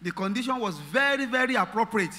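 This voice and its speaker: Bright, high-voiced preacher. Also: male voice, lively intonation, fairly quick, in a large hall. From Nigeria. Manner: emphatic preaching with repetitions and rhetorical questions. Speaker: pastor. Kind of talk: sermon.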